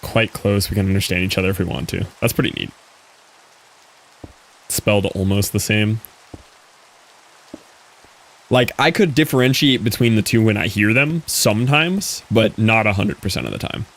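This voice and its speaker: A man's voice: fairly low pitch, animated, normal speed, gravelly, long pauses, a bit bright. A man streaming a game, chatting casually with viewers and answering their messages as he plays. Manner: chatty, answers chat, thinks aloud. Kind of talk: casual live-stream chat while gaming.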